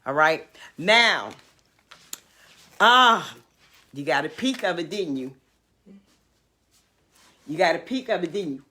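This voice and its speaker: An older woman chats on her home livestream, announcing events and pitching her wares. She speaks slowly and emphatically, stretching out her words. Her voice is bright and lively, rising and falling a lot. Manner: emphatic, drawn-out, animated selling and urging. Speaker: livestream host. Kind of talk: casual livestream chat and announcements.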